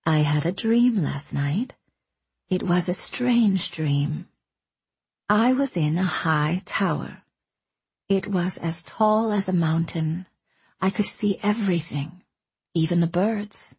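A gentle woman speaks in a soft, lulling, coaxing voice, as a woman narrator puts her on. Her words come slowly and breathily. It has the hush of a storybook bedtime scene. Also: lowish voice, husky, no echo, heavily acted.

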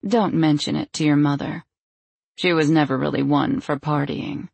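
A woman narrator voicing a glamorous aunt who talks in a soothing but brushing-off, quietly sly way. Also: low-pitched, fairly even intonation, moderate pace, creaky, husky, no echo, heavily acted. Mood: confiding. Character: glamorous aunt, breezy and dismissive.

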